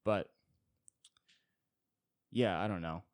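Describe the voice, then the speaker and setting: A young man from the United States riffs alone on his podcast, wry and self-deprecating, wandering from thought to thought. His voice sits very low. The sound is close and dry. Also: very slow, no echo. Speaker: podcast host. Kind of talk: solo comedic monologue.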